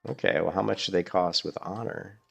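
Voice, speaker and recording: A man's voice: low voice, fairly quick, creaky, a bit bright, highs cut off, faint music behind. A man chatting casually and rambling as he streams a game. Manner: rambling, chatty, restarts a lot. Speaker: gaming streamer. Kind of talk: casual gameplay commentary.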